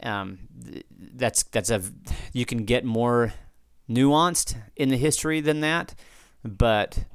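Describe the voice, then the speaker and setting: Male podcast host, unscripted and digressive, smooth dry voice, mid pitch. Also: takes it slowly, few pauses, dry recording. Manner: rambling, off-the-cuff, frequent restarts and asides. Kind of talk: unscripted podcast talk answering listener feedback.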